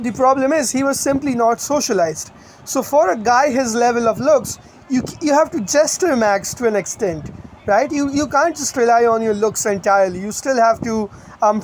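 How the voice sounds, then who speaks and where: A man's voice: extremely high pitch, a little hiss or hum, poor audio. A man giving blunt, rambling online commentary, crude and opinionated.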